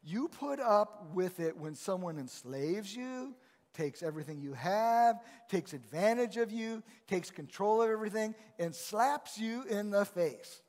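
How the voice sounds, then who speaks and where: A man's voice: high voice, animated, unhurried, darkish tone. A male pastor preaching a sermon in a conversational, emphatic way in a church. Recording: long reverb of a large hall.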